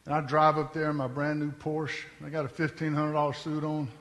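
A man's voice: fairly high pitch, completely flat delivery, a little fast, a bit bright, long reverb tail. A man telling his testimony from the pulpit in an earnest, conversational storytelling manner. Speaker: preacher giving his testimony.

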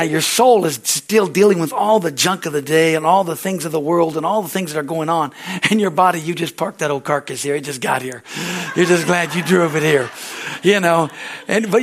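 High-voiced folksy American preacher man. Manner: folksy, rambling, often asks "Amen?"; self-deprecating, laughs easily. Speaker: pastor. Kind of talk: sermon.

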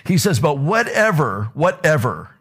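A middle-aged pastor with a drawl delivers a lively sermon, his fairly high voice leaping upward as his stories build. He talks with energy, mixing scripture with funny anecdotes. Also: a little slow, husky. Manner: animated storytelling, voice rising high when excited.

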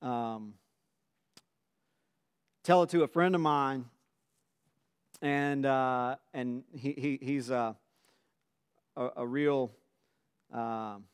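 A man's voice: mid-range voice, drawn-out words, pauses often, smooth. A man in his forties, telling a personal story in an earnest, emotional way.

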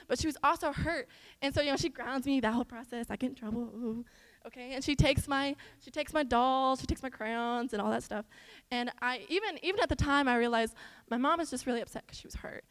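A young woman from the Midwest delivers a casual sermon as a children's minister. Her voice sits high, and she swings between loud, emphatic exhortation and quiet, slangy asides. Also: rough recording.

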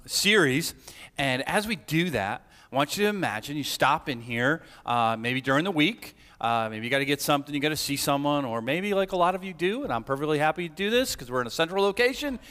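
A man preaching a sermon as pastor, telling animated stories and then praying earnestly. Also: mid-range voice. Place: church sanctuary. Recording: long church reverb.

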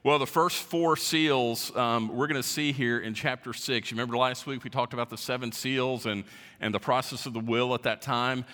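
A man preaches to his congregation in a church sanctuary, leaning hard on key words as he teaches verse by verse. His voice is bright and forceful, and it rings with a long hall reverb. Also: mid-range voice, fairly even intonation, moderate pace. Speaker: pastor. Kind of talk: sermon.

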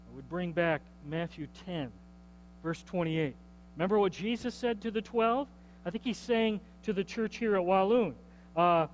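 Male pastor, sermon, high voice, chatty check-ins, faint noise behind. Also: normal speed, low-quality recording. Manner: conversational preaching, frequent "okay?" check-ins and repeated words. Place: church.

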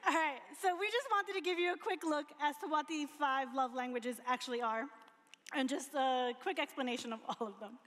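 Woman co-host, high voice, easy laugh, hall reverb. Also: fairly quick, a bit bright. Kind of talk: casual chat.

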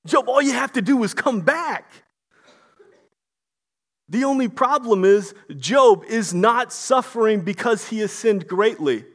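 High-voiced impassioned male preacher. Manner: impassioned, rhetorical, repeats himself. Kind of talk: sermon.

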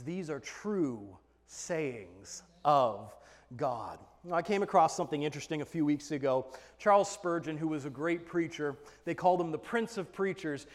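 A man preaching a sermon as pastor, emphatic, swinging between hushed and loud passages. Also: on the high side, long reverb tail.

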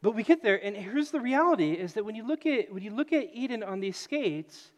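A man's voice: high voice, brisk. A man in his late thirties preaching a sermon, telling stories and acting out voices, often repeating his phrases. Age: late 30s. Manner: animated storytelling, acts out voices, repeats phrases. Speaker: pastor. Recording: echoey hall.

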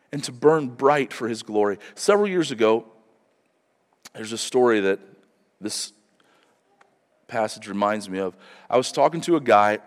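A man preaching a Sunday sermon as pastor, earnest and conversational, often repeating words as he starts a sentence. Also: medium pitch. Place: church sanctuary. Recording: long hall reverb.

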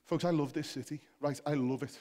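A man's voice: a little high, fairly even intonation, brisk, dark tone, long reverb tail. A man with a Liverpool accent preaching a sermon to his church, building to emphatic, passionate exhortation. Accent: Liverpool (Scouse). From Liverpool, England. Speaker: pastor. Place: church hall.

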